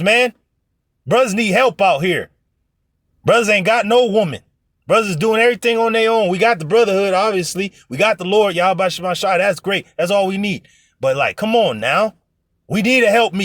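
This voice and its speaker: A man's voice: high-pitched, fairly bright tone, dry recording, clean studio sound. A man preaching informally to an online audience, blunt and profane, who acts out other people's voices in his stories. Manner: blunt, profane, emphatic exhortation. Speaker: religious teacher.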